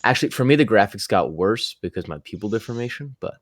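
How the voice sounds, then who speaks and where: Laid-back rambling man, lowish voice, dry close sound. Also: animated, quick pace, no echo. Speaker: player. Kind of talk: casual chat with friends while gaming.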